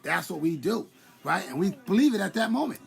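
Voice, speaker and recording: Gravelly New man chatting live. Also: high-pitched, fairly quick. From New York. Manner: animated, rambling, greets viewers by name. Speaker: former boxer hosting a live stream. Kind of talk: casual live-stream chat.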